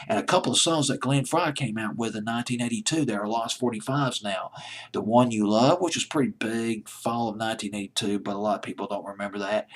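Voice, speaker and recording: Male countdown host, low and husky, nostalgic rambling delivery with self-corrections. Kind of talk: casual solo commentary.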